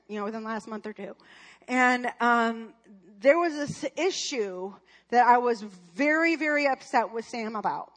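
A woman's voice: high-pitched, fairly bright tone. A woman in her forties telling a personal story at church, chatty and rambling, with many fillers and restarts. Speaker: speaker at a church.

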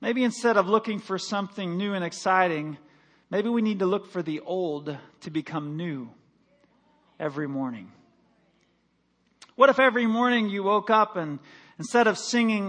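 Male pastor, high voice, emphatic sermon delivery, loud proclamations and soft asides. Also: normal speed, long pauses. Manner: emphatic, swings between loud declarations and quiet asides.

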